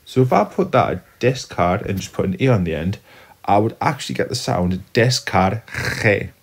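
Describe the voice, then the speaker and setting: Low husky guy teaching spanish, walks thru it step by step. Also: sing-song, fairly quick. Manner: patient, step-by-step explaining. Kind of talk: classroom lesson at a whiteboard.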